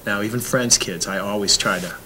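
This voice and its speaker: A man's voice: lowish voice, fairly quick, pushed and bright, slight background noise, low-quality recording. A man, a parent, reflecting in a casual interview and often restarting his sentences.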